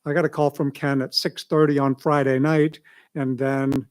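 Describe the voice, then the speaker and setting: A man's voice: medium pitch, level tone, normal speed, clear, resonant tone. A man giving a rambling, conversational report at a school board meeting as a school administrator. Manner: rambling, conversational, many asides.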